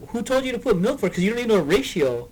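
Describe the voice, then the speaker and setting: A man's voice: sits high, big pitch swings, rapid-fire, a little mellow, breathy edge. A man co-hosting a podcast, arguing a point in casual chat, with many fillers. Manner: argumentative, hesitant with fillers. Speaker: podcast co-host.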